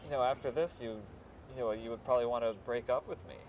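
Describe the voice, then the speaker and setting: A young man, a film student, talking in halting, flustered bursts in an improvised mockumentary scene. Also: mid-range voice, a little mellow, highs cut off, slight background noise. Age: young adult. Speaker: film student filming his own life.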